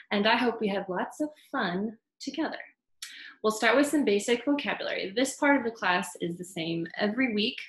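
A woman teaching baby sign language at a storytime, chanting simple words in a gentle sing-song. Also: mid-range voice, vocal fry. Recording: echoey room.

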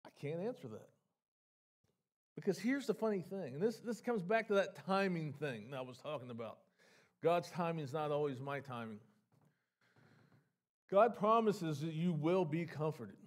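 A man's voice: on the high side, animated, normal speed, pauses often. A man preaching a sermon as pastor. He talks in a conversational way and often repeats words and restarts his sentences. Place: church sanctuary.

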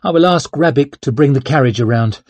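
A man voicing a calm, watchful woman companion in an audiobook, soft and composed. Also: medium pitch, brisk, dry recording, natural voice. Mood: calm concern.

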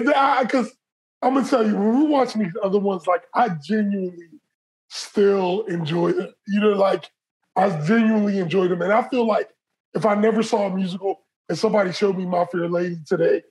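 Animated podcast co-host with restarts. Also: mid-range voice, a little fast, rough recording. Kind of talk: casual chat.

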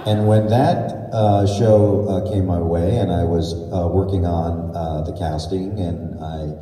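Low-voiced man on a convention panel. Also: steady tone, takes it slowly, dark tone. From Brooklyn, New York. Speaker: voice director and voice actor. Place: large convention hall. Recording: echoey convention hall from far off.

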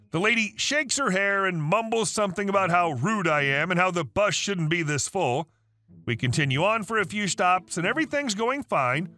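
A high, bright male text-to-speech narrator reads online stories in an even way and says each dialogue tag aloud. His pitch moves around a lot, and faint music plays under the voice. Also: moderate pace. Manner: even reading that speaks the listed dialogue tags aloud. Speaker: story narrator.

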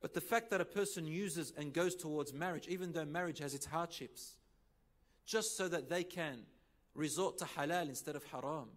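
Male preacher, slightly high voice, lively storyteller who acts out dialogue, mixes in Arabic phrases. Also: moderate pace. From Lebanon. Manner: animated, acts out quoted dialogue with sudden loud rises. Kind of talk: sermon with storytelling.

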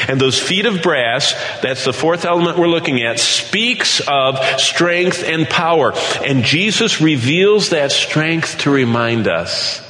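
A middle-aged man preaching a Bible sermon, animated, asking questions and then answering them himself. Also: medium pitch, slight background noise. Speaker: Bible teacher. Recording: echoey hall with long reverb.

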